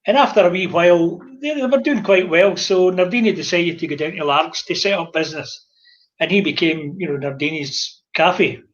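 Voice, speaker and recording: Lively older Scottish man telling stories. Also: sits high, normal speed, dull audio. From Scotland. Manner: animated anecdotal storyteller, acts out dialogue. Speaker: guest, former publican. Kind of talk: casual chat storytelling.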